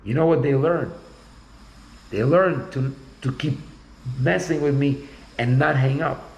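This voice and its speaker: A man's voice: medium pitch, a little slow, creaky, a little mellow, echoey room, rough recording. A man in casual conversation, talking bluntly and rambling, often repeating himself.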